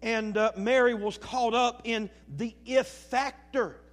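A man delivers a sermon from the pulpit. He drops into soft, low-key storytelling, then slows right down to stress each word. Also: fairly even intonation. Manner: preaching with rising and falling intensity, slow emphatic phrases. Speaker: pastor.

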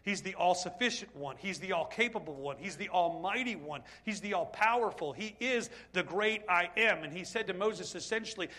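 Bright, high-voiced male preacher. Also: normal speed, few pauses. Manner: animated, rhetorical questions to the congregation. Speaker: pastor. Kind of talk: sermon.

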